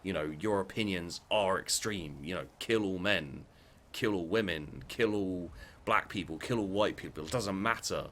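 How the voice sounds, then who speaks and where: Blunt, sweary man with a deep voice. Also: moderate pace, a bit bright, slight background noise. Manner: blunt, sweary, repetitive restarts. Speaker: vlogger. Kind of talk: heated opinion rant.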